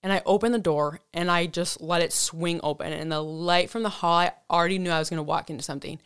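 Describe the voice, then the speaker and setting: A woman's voice: on the low side, steady tone, quick pace, fairly bright tone, clean tone, dry recording, clean studio sound. A young woman telling a college story in casual chat, swearing often and full of fillers. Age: young adult.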